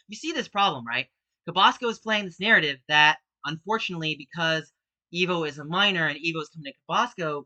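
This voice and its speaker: A woman's voice: sits low, sharp tone, no room sound, rough recording. A woman delivering an agitated, accusatory rant straight at an opponent in a video statement, repeating herself and growing more heated. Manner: repetitive, emphatic, grows more heated. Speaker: speedrunner and video host.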